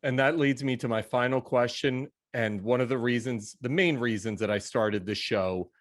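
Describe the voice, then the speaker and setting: A man's voice: mid-range voice, moderate pace. A man hosting a podcast interview, chatting casually with his guest. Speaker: podcast host.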